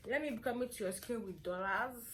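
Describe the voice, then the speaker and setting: A young woman with a Nigerian accent chatting playfully to camera as a vlogger, hoarse from a cold and sore throat. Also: fairly high pitch, a little fast, fairly bright tone, slight background noise. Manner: chatty, playful and self-assured. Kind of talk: casual chat to camera.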